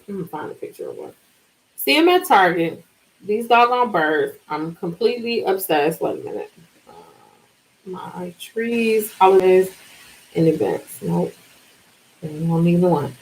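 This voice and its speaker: A woman in her forties chatting casually with viewers on a live stream and telling animated stories. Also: lowish voice, poor audio. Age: 40s. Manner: animated, chatty storytelling with drawn-out words. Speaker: livestream host.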